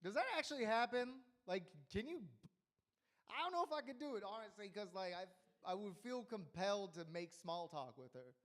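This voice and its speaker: A young man doing a rambling, crude stand-up set at an open mic with deadpan punchlines. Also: high voice, moderate pace. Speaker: stand-up comedian.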